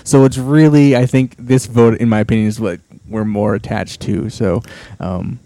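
A man's voice: on the low side, fairly even intonation, normal speed, warm tone, dry recording. A man co-hosting a casual gaming podcast, rambling with lots of fillers and restarts. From Pacific Northwest, US. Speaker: podcast co-host. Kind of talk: casual chat.

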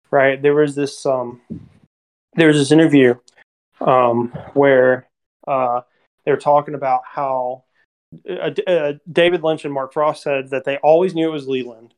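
A podcast co-host in a casual film discussion who talks in an animated way and acts out lines from scenes. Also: medium pitch, unhurried, clear, resonant tone.

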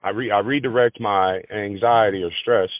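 A man's voice: on the low side, fairly even intonation, normal speed, no room sound. Man on a tinny phone line. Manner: repeats words, restarts phrases. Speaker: granite business manager. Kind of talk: interview conversation. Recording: dry, tinny phone-like audio.

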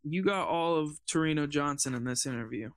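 A man's voice: on the high side, brisk. A man co-hosting a podcast, easygoing and chatting casually about basketball. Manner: easygoing, laughs along. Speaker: podcast co-host.

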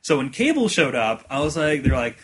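A man co-hosting a podcast in casual chat, animated as he acts out game moments, with many fillers like "like" and "uh". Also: mid-range voice, a little fast, slightly rough. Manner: animated storyteller, acts out game lines with laughter. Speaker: podcast co-host.

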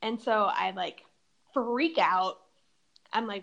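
A young woman with a slightly raised voice talks in a relaxed podcast chat. She laughs often and fills her stories with "like.". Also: fairly high pitch, unhurried, vocal fry, dull audio. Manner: giggly, chatty storytelling with many "like"s.

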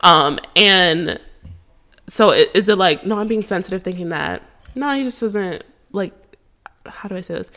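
A woman's voice: on the low side, animated, moderate pace, pushed and bright. A young woman co-hosting a podcast, talking casually with lots of fillers and frequent laughter. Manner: chatty, many fillers, laughs often. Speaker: podcast co-host. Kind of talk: casual chat. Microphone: headphones and mic.

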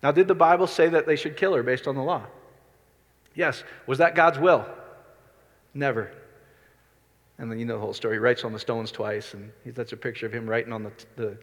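A middle-aged man preaching a sermon as a pastor, talking conversationally and asking the congregation questions. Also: medium pitch. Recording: reverberant hall.

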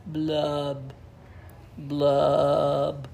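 Gloomy sulking male fish as a woman reads him, gravelly low mopey rhyme, storybook read-aloud. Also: monotone, drawn-out words, warm tone, slight background noise, full character voice. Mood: glum. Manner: mopey sing-song rhyming, low blubs.

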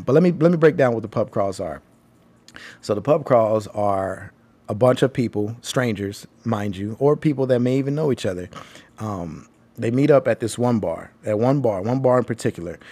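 A man's voice: on the low side, a little mellow. A young man from Tennessee with a Southern American accent, telling a rambling, casual travel story as a host, with frequent ums and swearing. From Tennessee, USA. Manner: laid-back, rambling, frequent ums and profanity. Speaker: podcast host.

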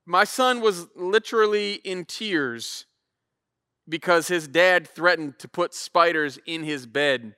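A man, a pastor in his thirties, telling a casual, animated sermon story and acting out voices. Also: on the high side, unhurried, clean tone, no echo, clean studio sound.

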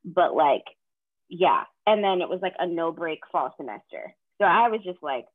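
Brief: woman, 20s, from the Southern US, low-ish voice, chatty podcast co-host, tinny dry recording. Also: moderate pace, no echo. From American South. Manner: chatty, fillers, lively retelling of quotes. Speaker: counseling graduate student. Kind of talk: casual chat.

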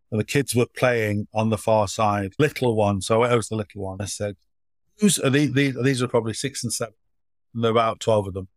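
A man, a charity foundation chief executive, telling stories in a relaxed interview and playing out children's voices as he goes. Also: on the low side, dry recording, studio quality. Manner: anecdotal, acts out children's voices in his stories.

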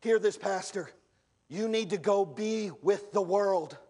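A male pastor preaching an impassioned sermon in church, rising to shouts and calling out to the congregation. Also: high-pitched, a little slow.

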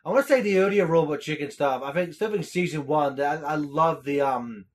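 A man's voice: fairly high pitch, moderate pace. A man co-hosting a casual podcast chat about movies and shows, laughing often and acting out quotes. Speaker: podcast co-host.

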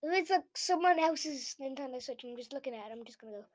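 A woman's voice: high voice, lively intonation, no room sound. An English woman hosting a reaction video, ranting casually in a sarcastic, mocking way. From England. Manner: sarcastic and mocking, quick rants.

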